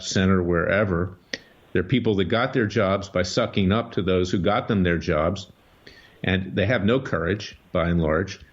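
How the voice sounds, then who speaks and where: A man hosting a political talk radio show and speaking as a lawyer, with an emphatic, scornful, combative delivery. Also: fairly low pitch. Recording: dull lo-fi radio audio.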